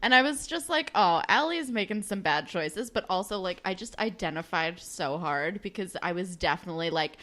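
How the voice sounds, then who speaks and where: A young woman co-hosting a podcast in easy, casual chat. She strings her stories together with "like", her pitch leaps around, and her tone is bright. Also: a little fast, few pauses. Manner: chatty, heavy use of filler "like", animated retellings. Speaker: podcast co-host.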